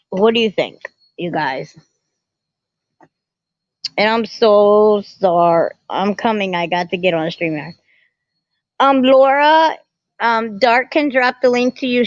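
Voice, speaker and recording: A woman hosting a casual livestream from a family home, chatty and animated as she greets viewers by name and talks to her chat. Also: medium pitch, dry recording. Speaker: livestream host. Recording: muffled lo-fi phone audio.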